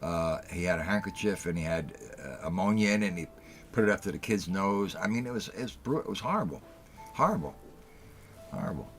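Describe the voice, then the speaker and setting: Deep-voiced, blunt middle-aged male host. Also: expressive, brisk, fairly bright tone, soft background music. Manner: heated storytelling, blunt and profane, repeats himself for emphasis. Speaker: talk show host. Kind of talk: casual call-in show monologue.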